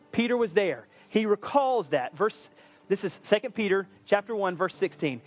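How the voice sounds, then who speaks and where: A male pastor giving an energetic, conversational sermon. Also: high-pitched. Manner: energetic, conversational, animated preaching.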